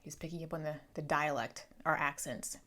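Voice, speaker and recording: A woman's voice: low voice, fairly even intonation, normal speed, pushed and bright. A woman with an American East Coast accent chatting to camera as a book reviewer, rambling into tangents and laughing easily. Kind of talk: casual chat to camera.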